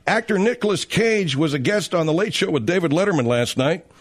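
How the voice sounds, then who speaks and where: A man's voice: a little high, expressive, fairly quick, husky. A man hosting a radio talk show in a casual, brash, teasing, rambling way.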